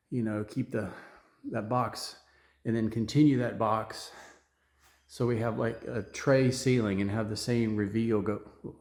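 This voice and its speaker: A man's voice: lowish voice, darkish tone, reverberant. A man talking to the camera while he works on his house renovation, thinking aloud in a rambling way and restarting his words. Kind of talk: on-site vlog talk to camera. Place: indoors in a house under renovation.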